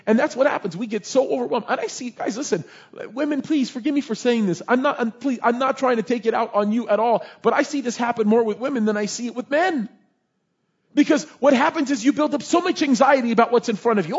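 A man preaching a sermon as a chaplain, telling stories in a lively way and shouting when he acts out scenes. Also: very high voice, fast talker, husky, highs cut off. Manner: animated storytelling, shouting in re-enactments.

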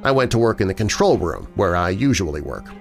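A man hosting a show and narrating listener horror stories in a measured storytelling manner. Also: low-pitched, very animated, gravelly. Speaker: host and narrator. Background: faint music.

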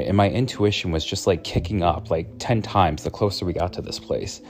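A man who works as a psychic medium tells a story in a low, slightly mellow voice at normal speed. His casual telling is chatty and rambling, thick with fillers, with faint music in the background.

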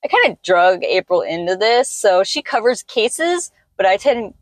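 A woman's voice: medium pitch, sing-song, measured pace, no echo. A woman from the United States co-hosting a podcast in casual chat, talking in a chatty, rambling way. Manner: chatty, leans on "like" as a filler. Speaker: podcast co-host.

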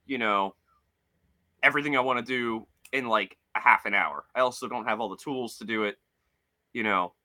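A man co-hosting a podcast in casual chat, animated and swearing, jumping into high voices when he quotes people. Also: normal speed, no echo, clean studio sound. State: limping with a foot injury. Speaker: podcast co-host.

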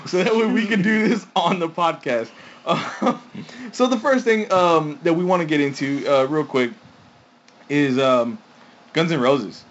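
A man's voice: on the high side, measured pace. Chatty man on a lo-fi podcast. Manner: chatty storyteller, laughs often, acts out quotes. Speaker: podcast co-host. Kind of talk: casual podcast chat. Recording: dull lo-fi sound.

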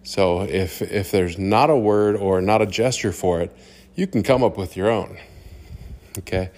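A man's voice: deep voice, measured pace, darkish tone. A man who teaches third grade, talking casually about classroom methods in a loose, rambling way with plenty of fillers.

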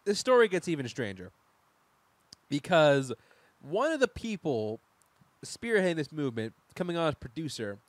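A man's voice: fairly high pitch, no echo. A young man hosting a casual news chat, joking, laughing often and restarting his sentences. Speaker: podcast host.

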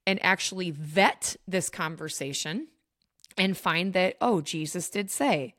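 A woman's voice: fairly low pitch, a little slow, fairly bright tone, no echo, clean studio sound. A woman hosting a faith podcast, talking earnestly and emphatically straight to her listeners. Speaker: podcast host. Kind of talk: faith teaching podcast talk.

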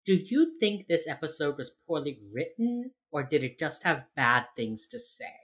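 A woman's voice: sits low, sing-song, moderate pace. A woman co-hosting a podcast, recapping an episode in casual chat, saying "like" often and acting out characters' lines. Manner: rambling recap with lots of "like", acts out characters. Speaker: podcast co-host.

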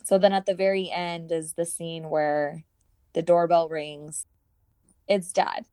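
A woman talking about a film in an animated, chatty way, laughing often as she retells scenes. Her voice sits a bit low and sounds close and dry. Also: slow, smooth, no room sound. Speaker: podcast co-host. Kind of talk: casual chat.

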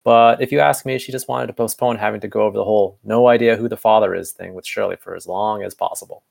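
A man's voice: on the low side, steady tone, quick pace, gravelly, darkish tone. A man reading the lines of a wisecracking grown man who teases his old friend, in an amateur fan fiction reading. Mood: teasing.

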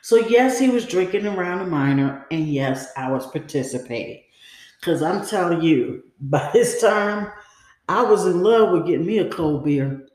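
A woman's voice: lowish voice, expressive, moderate pace, a little mellow. Woman confiding her story in an echoey room. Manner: casual, confiding, acts out quoted dialogue; frequent fillers like "you know" and "like". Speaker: podcast host. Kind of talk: personal storytelling.

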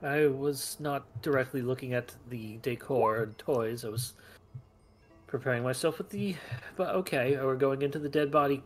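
A man's voice: medium pitch, moderate pace, faint music behind. A man playing a tabletop game in character, with formal, stiff phrasing. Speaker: player.

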